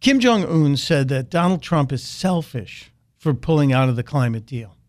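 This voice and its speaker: A man's voice: a little high, lively intonation, normal speed. A man hosting a talk radio show, delivering sarcastic, mocking commentary into a studio microphone.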